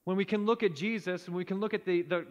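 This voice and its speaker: A man preaching a sermon in earnest tones, often dropping to a hushed low voice for emphasis. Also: fast, in a large hall, lo-fi sound. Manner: earnest, drops to a hushed low voice at key points. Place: church sanctuary.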